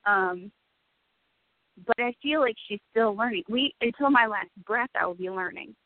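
A woman's voice: on the high side, normal speed, dry recording. A woman in her forties, a radio guest, speaking candidly and emotionally and swearing freely. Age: 40s. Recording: tinny phone-like dry sound.

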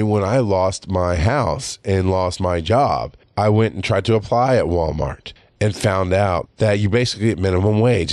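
A man's voice: sits low, darkish tone, dry recording. A man hosting his own podcast, telling a story in heated, profane monologue and putting on other people's voices. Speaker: podcast host. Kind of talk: casual monologue.

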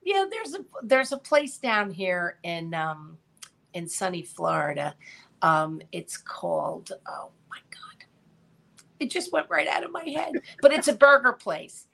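A woman's voice: mid-range voice, big pitch swings, measured pace, gravelly, bright, forceful tone. A woman from New Jersey co-hosting a talk show, bubbly and enthusiastic, chatting casually and laughing easily. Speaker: co-host. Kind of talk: casual chat.

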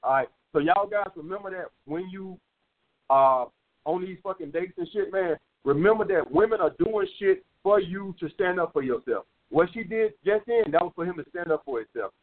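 A man's voice: sits high, animated, moderate pace. A man hosting a call-in dating advice show, lecturing bluntly with lots of profanity and repetition. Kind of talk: call-in radio advice talk. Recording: phone-like lo-fi radio sound.

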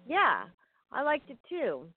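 Slow-talking woman on a tinny line. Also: sits high, wildly swooping pitch, no room sound. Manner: chatty, searches for words, laughs easily. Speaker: podcast host. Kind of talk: casual chat about films. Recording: tinny phone-like sound.

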